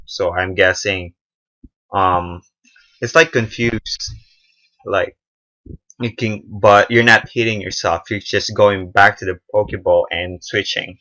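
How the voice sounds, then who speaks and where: A young man giving casual, unscripted commentary on a game trailer, halting often with fillers and restarts. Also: on the low side, fairly even intonation, sharp tone, muffled recording. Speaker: gaming video reviewer.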